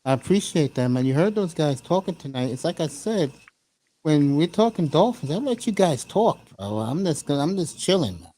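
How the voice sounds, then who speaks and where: A man hosting an online sports chat in an easygoing, friendly way. His voice sits a little high for a man, and he talks loosely, dropping "man" and "bro" at the ends of his lines. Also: sing-song, moderate pace, warm tone. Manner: laid-back, says "man" and "bro" often. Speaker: podcast host.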